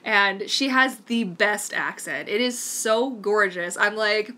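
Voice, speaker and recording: A woman's voice: mid-range voice, lively intonation, unhurried, few pauses, pushed and bright. A Canadian woman hosting a live-stream Q&A, chatting in a rambling, enthusiastic way. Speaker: mermaid vlogger hosting a live Q&A. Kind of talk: casual live-stream chat.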